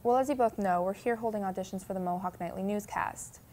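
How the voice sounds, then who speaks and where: A woman's voice: mid-range voice, fast, mellow. A woman playing a firm, businesslike audition judge in a comedy skit.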